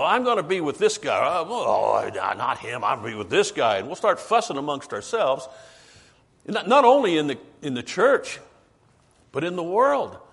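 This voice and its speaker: A man preaching a sermon emphatically, asking rhetorical questions and slowing down for stress. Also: a little high, slightly rough.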